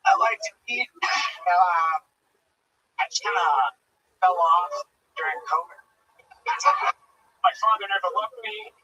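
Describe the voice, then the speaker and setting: A man does stand-up in an offhand, joking way, his voice high and very bright. He sounds far from the mic, with dull, lo-fi sound. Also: wildly swooping pitch, takes it slowly, long pauses. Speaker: comedian. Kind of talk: stand-up and crowd work. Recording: distant mic, dull lo-fi sound, faint noise.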